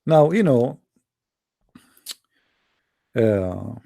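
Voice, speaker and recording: A man's voice: mid-range voice, sing-song, drawn-out words, creaky, dark tone, no room sound, clean studio sound. A man hosting a livestream who talks to his audience in a sarcastic, mocking way. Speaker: host.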